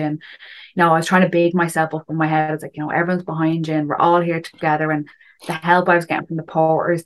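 A woman telling a story in a casual chat, full of fillers and asides. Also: low-pitched. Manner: chatty, frequent fillers and "do you know". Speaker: guest recounting a climb.

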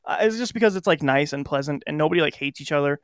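A man's voice: on the high side, expressive, fast, clear, resonant tone, no room sound, studio quality. A man co-hosting a podcast in a laid-back, chatty way, laughing often. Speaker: podcast co-host. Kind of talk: casual chat.

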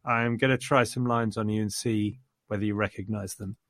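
A podcast co-host rambles happily about a film he liked, quoting lines in a casual chat. His voice sits on the low side and is a bit bright, with fairly even intonation and a moderate pace; the recording is clean studio sound with no echo.

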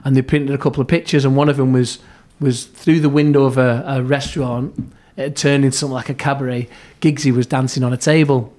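A middle-aged man, a former football club therapist, tells stories as a podcast guest. He acts out quoted lines, often restarts his sentences and turns low and hushed at tense moments. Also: flat delivery, a little fast, few pauses. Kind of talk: anecdotal storytelling in an interview.

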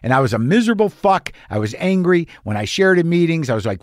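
A man's voice: a little high, very animated, quick pace, few pauses, no room sound, studio quality. A man telling a confessional stand-up story in a profane, self-deprecating, rambling way. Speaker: stand-up comedian.

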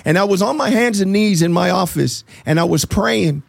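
A man with a gravelly, fairly high voice gives an earnest faith testimony. He tells his stories in an animated way and acts out the dialogue. The sound is dry and close. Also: moderate pace, dry recording. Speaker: interview guest.

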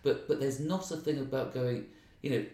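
A man with an English accent, a stand-up comedian telling animated, ranting stories in a casual interview chat. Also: medium pitch, moderate pace. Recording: roomy, distant mic.

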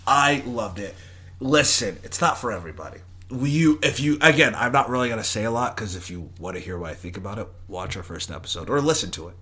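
A young man chatting casually as a podcast co-host. He keeps things playful and jokey. His voice is bright, and his pitch moves up and down freely. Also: animated, quick pace. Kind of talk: casual chat.

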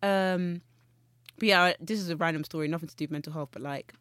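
A woman's voice: on the low side, fairly quick, fairly bright tone, clear, resonant tone, dry recording, studio quality. A young woman, chatting as a podcast guest, telling rambling stories and correcting herself as she goes. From Nigeria. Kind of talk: casual chat.

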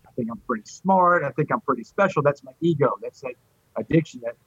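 Fast-talking husky man. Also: on the high side, dry recording. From Port Arthur, Texas. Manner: animated, acts out quoted voices. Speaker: guest. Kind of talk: personal storytelling in an interview. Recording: dull lo-fi dry audio.

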